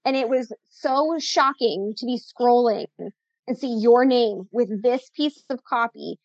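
A woman's voice: fairly high pitch, a little slow, no echo, dull audio. A woman speaking as a guest in a casual interview, chatty, upbeat and a little sassy. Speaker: podcast guest, content coach.

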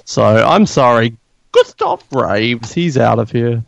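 Gravelly, casual podcast man. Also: mid-range voice, very animated, slow pace, no echo, dull audio. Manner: laughing, joking, bouncy. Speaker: podcast co-host. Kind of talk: casual chat ranking film villains.

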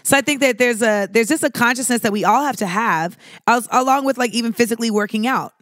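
A woman's voice: a little high, fast, fairly bright tone, dry recording, studio quality. A woman hosting a podcast, answering listener questions in a candid, profane, rambling way that is full of "like" fillers. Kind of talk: casual advice talk.

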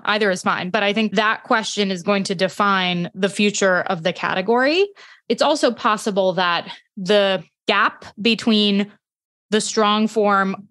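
A woman guest on a podcast speaking in a measured, thoughtful way. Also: mid-range voice, a bit bright. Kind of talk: casual conversational discussion.

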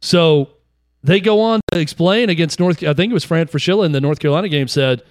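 Slightly high-voiced sports talk host. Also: male voice, brisk, dry recording, clean studio sound.

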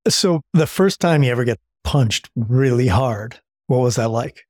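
A man conducting a casual interview with a mid-range voice. He asks short questions and chimes in with quick agreement. The sound is dry. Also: mid-range voice, animated, darkish tone, dry recording.

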